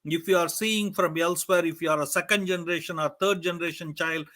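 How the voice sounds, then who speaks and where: Man, devotional storyteller, high voice, bright tone, keeps asking "okay?". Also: steady tone, fast talker. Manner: keeps checking in with "okay?" and "guess what?".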